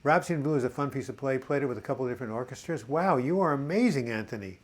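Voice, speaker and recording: A man in his seventies hosting a live chat, reading viewer comments aloud and answering them in a halting, encouraging way. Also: mid-range voice, animated. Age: 70s. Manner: halting, frequent uh and repeated words.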